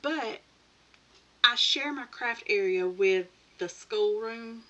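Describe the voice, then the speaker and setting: A woman's voice: fairly high pitch, slow, pushed and bright, muffled recording. A woman hosting a casual late-night live chat from her home craft room, chatty and rambling, laughing often and greeting viewers by name. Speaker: crafting channel host. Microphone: computer or tablet mic.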